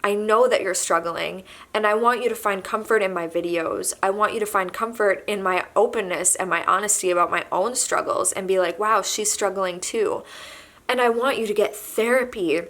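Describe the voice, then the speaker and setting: A young woman vlogging to camera, halting and soft-spoken as she admits she is pregnant and emotional. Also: medium pitch. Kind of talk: candid emotional confession to camera.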